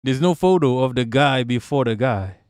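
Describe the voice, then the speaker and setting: A man's voice: medium pitch, animated, normal speed, darkish tone, clean tone, dry recording, clean studio sound. A man streaming live, joking crudely and rambling as he reacts to clips. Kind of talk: casual live-stream commentary.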